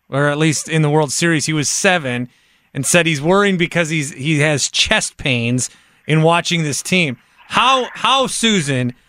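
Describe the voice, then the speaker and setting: An upbeat man hosts sports talk radio, steering the chat. His voice is high and bright. The sound is dry and close to the mic. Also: smooth, dry recording. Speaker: radio host.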